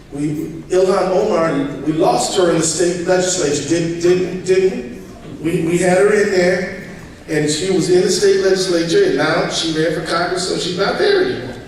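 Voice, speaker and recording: A man's voice: high voice, fairly even intonation, unhurried, a little hiss or hum. A man giving a public speech, telling stories in a conversational way with asides to the audience. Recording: echoey hall from far off.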